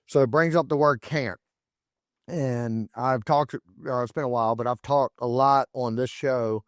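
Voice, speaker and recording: A man's voice: medium pitch, no echo, clean studio sound. A man in his forties hosting a solo podcast, talking emphatically with frequent restarts and repeated words. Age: 40s. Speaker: podcast host.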